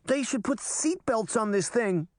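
A man voicing an excitable little girl, eager and chattery, in an audiobook. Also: very high-pitched, unhurried, no echo, studio quality, pitched above the performer's own voice. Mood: alarmed.

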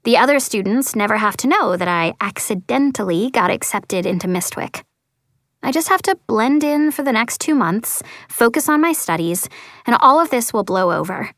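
A woman's voice: fairly high pitch, expressive, normal speed, a bit bright, no room sound, studio quality. A woman reading a first-person story as an audiobook narrator, earnest and lightly voicing the dialogue.

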